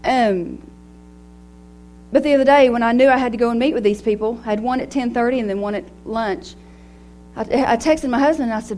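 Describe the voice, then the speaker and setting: High-voiced woman giving a lively devotional talk. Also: moderate pace, slight background noise. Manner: animated and personal, laughing often. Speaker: women's ministry speaker.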